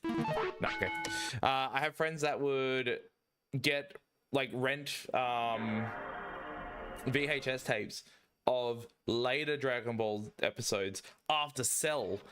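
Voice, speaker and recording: A man, chatting casually while streaming a speedrun, rambling and excitable with lots of swearing and fillers. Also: medium pitch, slow, pauses often. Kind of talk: casual chat while playing. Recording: game music playing behind. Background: video game music.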